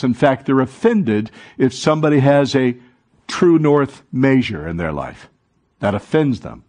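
Preaching in a church sanctuary, a male pastor asks his congregation to call back and repeat after him. His voice has a medium pitch and a darkish tone.

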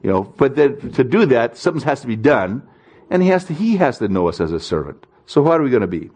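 A man delivering a sermon at an ordinary pitch, sounding like he is chatting rather than orating. He tells stories with a self-deprecating touch and slips into the voices of the people in them. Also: very animated, quick pace, darkish tone, breathy edge. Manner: conversational, self-deprecating storytelling; acts out quoted voices in stories. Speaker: pastor.

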